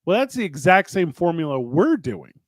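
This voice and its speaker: With a higher-than-average, very animated voice at normal speed and no room sound, this thirty-something man from the St. Louis area in Missouri chats casually. He co-hosts a podcast and co-owns a wrestling promotion, telling stories in which he plays both sides of the dialogue and breaks into laughter a lot.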